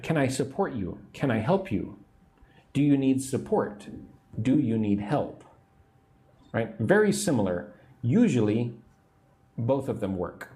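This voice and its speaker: Casting note: male English teacher, mellow low-key tone, lively pitch, patient and repetitive. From United States. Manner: slow, patient and repetitive, explaining words simply. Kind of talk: livestream English lesson, reading chat comments.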